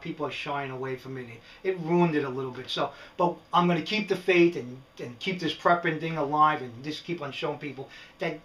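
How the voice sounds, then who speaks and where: A rambling, animated man with a New York accent, his voice pitched a little high. He sits back from the mic in a roomy space with a clear echo. He is a middle-aged vlogger on a casual rant. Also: far from the mic. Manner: animated, rambling, frequent "right?" asides. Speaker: prepping vlogger. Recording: echoey room, speaker away from the mic.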